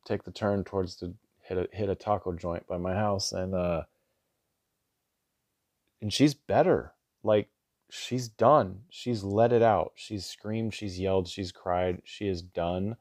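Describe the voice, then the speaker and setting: A man's voice: low voice, darkish tone, no room sound, studio quality. A man in his thirties hosting a podcast, telling a family story in an earnest, rambling way with restarts and lots of "like". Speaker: podcast host, father. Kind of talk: casual storytelling monologue.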